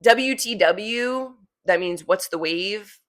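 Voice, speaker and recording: A woman's voice: medium pitch, slow. Chatty young woman from New Jersey. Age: 20s. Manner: chatty, fillers of "like", laughs easily. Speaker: vlogger. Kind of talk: casual chat to camera.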